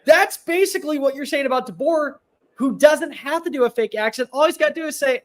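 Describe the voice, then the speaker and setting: A man with a high voice, talking sports on a talk show. He is animated and emphatic and fires off opinions quickly. It sounds like relaxed banter between co-hosts.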